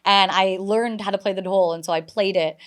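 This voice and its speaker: A woman in her thirties, a comedian guest on a podcast, telling stories in a lively way with many fillers. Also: mid-range voice, a little fast. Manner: animated storyteller, many "like" fillers. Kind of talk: casual podcast interview.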